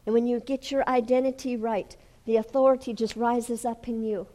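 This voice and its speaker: A woman preaching a sermon and telling a healing story, dropping to hushed whispers and then rising to loud, fervent exclamations. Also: a little high, fairly even intonation, moderate pace, rough recording. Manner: storytelling with acted quotes.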